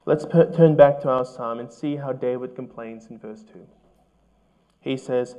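A man preaching a sermon as pastor, earnest and measured, asking his listeners questions. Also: mid-range voice, fairly even intonation, dark tone, highs cut off.

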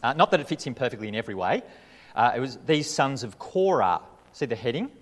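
A man's voice: medium pitch, sing-song, fast. A man preaching a sermon as a pastor, with emphatic delivery and frequent rhetorical questions. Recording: reverberant hall.

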